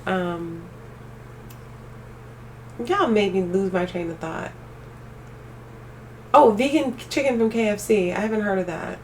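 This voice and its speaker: A young woman live streaming, chatting casually with her viewers and ranting with animated energy. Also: mid-range voice, a little slow, long pauses, distant mic, slight background noise. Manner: animated ranting, talks straight to chat.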